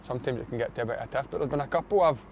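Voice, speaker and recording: A man's voice: medium pitch, very fast, vocal fry, slight background noise. A young Scottish man, a footballer, telling a story in casual chat, blunt and swearing freely.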